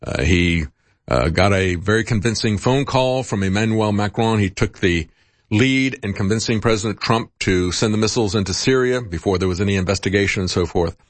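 A man hosting a political commentary show, talking in an animated, indignant and sarcastic way. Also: fairly low pitch, a little fast, no echo. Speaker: radio host.

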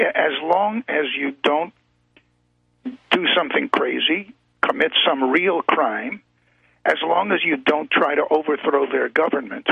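A male guest calling into a talk radio show, speaking in a halting, storytelling way with frequent restarts. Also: a little high, vocal fry, slightly rough, no room sound. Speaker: call-in guest. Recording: tinny phone line.

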